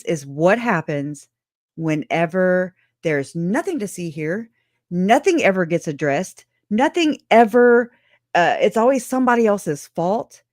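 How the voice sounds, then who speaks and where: A woman hosting a casual true crime livestream, animated and sarcastic, laughing often and swearing freely. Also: medium pitch, no echo, clean studio sound.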